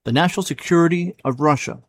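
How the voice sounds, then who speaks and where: A man's voice: on the high side, fast talker. Casual rambling male commentary host. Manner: casual, rambling, with frequent self-corrections. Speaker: show host. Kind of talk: solo political commentary.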